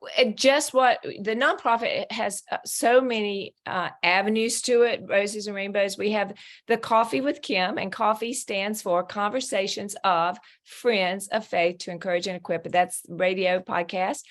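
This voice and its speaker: A middle-aged woman talks earnestly in an interview about her work and faith. She tells her story with animated emphasis, as if recounting it to a friend, over what sounds like a video call. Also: medium pitch, measured pace. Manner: earnest, animated storyteller who acts out quoted voices. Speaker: guest, ministry founder.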